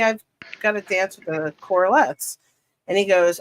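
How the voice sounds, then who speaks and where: Animated young woman telling a casual story. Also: medium pitch, a little hiss or hum, rough recording. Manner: animated, swearing, quick laughs while telling a story. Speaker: podcast guest.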